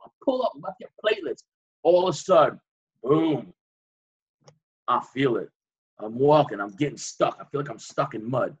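A man, a guest on an interview show, recounting a dramatic personal story with vivid, animated reenactments. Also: on the high side, normal speed, husky, low-quality recording.

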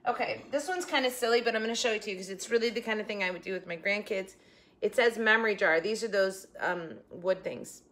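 An older woman chatting through a crafting tutorial, tender and holding back tears, trailing off into quiet asides. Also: medium pitch, fast. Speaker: craft vlogger.

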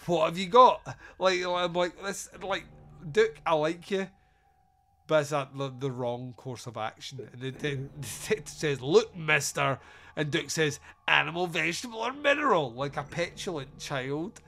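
A man's voice: fairly high pitch, measured pace. A man hosting a casual comedic podcast, retelling film scenes with sarcastic, sweary asides. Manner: sarcastic, sweary, animated storytelling. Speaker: podcast host reviewing a film.

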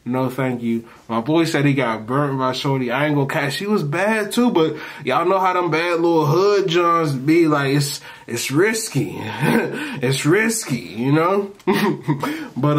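Dude telling a storytime on his channel, slangy and rambly, acts out whoever he's quoting, medium voice. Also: mid-range voice. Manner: slangy, loose, rambling delivery with frequent laughs; animated, acts out the people he quotes. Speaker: storytime vlogger. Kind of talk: casual storytelling to camera.

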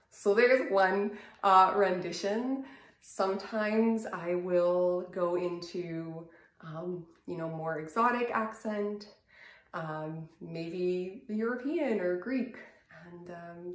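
A woman's voice: fairly low pitch, takes it slowly, reverberant. A woman vlogger giving wellness tips in a chatty, self-deprecating way. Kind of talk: casual vlog.

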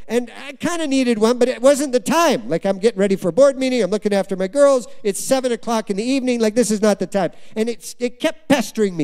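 A man's voice: sits high, fast talker, few pauses, smooth. A middle-aged man preaching a sermon in a church, telling stories and often asking the congregation questions. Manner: animated, asks the congregation questions. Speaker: guest preacher. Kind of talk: sermon with storytelling.

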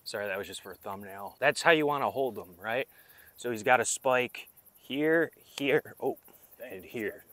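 A man's voice: mid-range voice, moderate pace, a bit bright. A young man in the middle of his range talks casually to his viewers while he fishes outdoors at night. He rambles and cracks jokes as he works, in a loose vlog style. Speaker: fishing vlogger.

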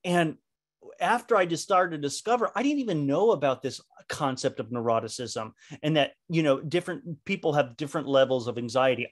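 A leadership trainer leads a live online training session over a video call. His fairly high voice is animated, and he uses frequent fillers and restarts.

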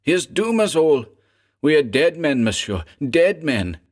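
A man's voice: a little high, big pitch swings, measured pace, voice pushed up. Narrator doing a furious snarling servant guy, bitter and sure they're all doomed. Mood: snarling rage. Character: snarling, furious male manservant, doom-sure.

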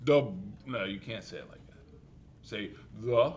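A man teacher running a classroom wrap-up, joking with students and loudly repeating their answers. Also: fairly low pitch, lively intonation, moderate pace, a little hiss or hum.

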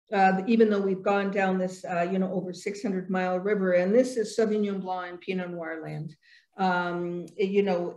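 A woman's voice: medium pitch, a little mellow, reverberant. A woman co-presenting an online wine seminar as a master sommelier, enthusiastic and talky with lots of "you know". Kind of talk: casual seminar presenting over video call.

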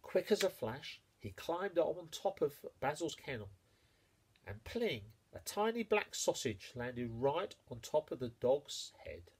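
A man reading a children's picture book aloud, his pitch rising and falling all the way through. His voice sits fairly high with a husky, breathy grain, and he relishes the playful sound words. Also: big pitch swings, a little slow, darkish tone. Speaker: storyteller.

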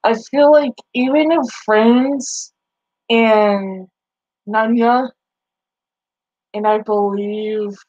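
Slow-talking, foul-mouthed woman streamer. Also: a little high, fairly even intonation, a little mellow, muffled recording. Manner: profane, teasing and laughing often. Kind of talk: casual live-stream chat.

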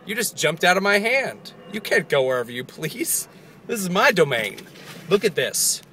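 A man vlogging casually outdoors, rambling excitedly about birthday gifts and giggling often. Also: high voice, moderate pace, slight background noise. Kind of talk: casual chat. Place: outdoors near a parking lot.

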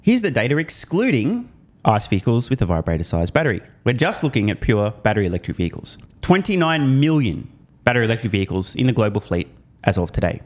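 The host of an investing commentary video reads through a report, sarcastic and emphatic, swearing at the forecasters. He talks fast in a mid-range voice and is very animated.

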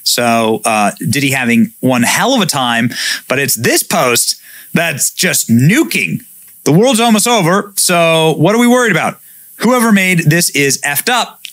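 A man with a somewhat high voice hosts a casual news commentary. His pitch swings widely as he reads out reports and reacts. The sound is dry and close. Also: moderate pace, dry recording. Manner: animated, reading out reports with reactions. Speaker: host.

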